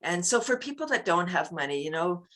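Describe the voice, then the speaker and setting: A woman who teaches laughter yoga, chatting on a video call, laughing often and leading loud ho-ho-ha-ha chants. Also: lowish voice, very animated, a little fast. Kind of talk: casual interview chat.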